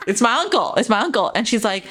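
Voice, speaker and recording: Animated woman telling a story. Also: fairly high pitch, quick pace, a little hiss or hum. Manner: animated storyteller, keeps saying "girl" and "okay". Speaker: podcast co-host. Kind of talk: casual chat.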